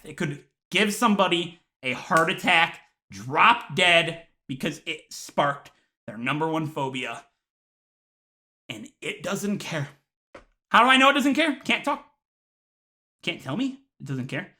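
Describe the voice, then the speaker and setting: A man doing a comedic rant to camera, mock-outraged with deadpan asides, sighs and laughs. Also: on the high side, a little slow. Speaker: YouTuber.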